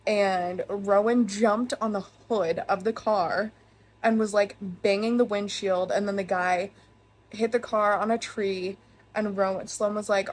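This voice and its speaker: A young woman excitedly recapping a book she is reading, gushing and saying "like" a lot. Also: medium pitch, unhurried. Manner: gushing, excitable, heavy use of "like". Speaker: book vlogger. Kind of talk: casual reading vlog recap.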